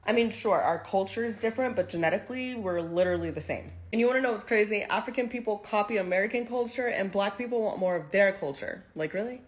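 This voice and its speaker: Fast-talking exasperated woman ranting. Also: mid-range voice. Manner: exasperated, earnest. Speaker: TikTok creator. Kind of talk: casual rant.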